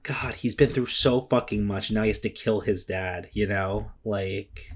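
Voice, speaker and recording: Guy with a lowish voice rambling on his vlog, lots of ums, restarts, swearing, all heart. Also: a little slow. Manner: rambling and emotional, many fillers and restarts, swears. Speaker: vlogger reviewing a comic chapter. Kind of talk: casual spoken commentary.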